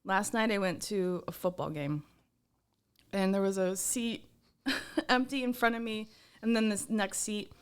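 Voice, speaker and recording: A woman's voice: mid-range voice, measured pace, clean tone. A woman co-hosting a podcast in casual banter, giggly, self-deprecating and rambling. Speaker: podcast co-host.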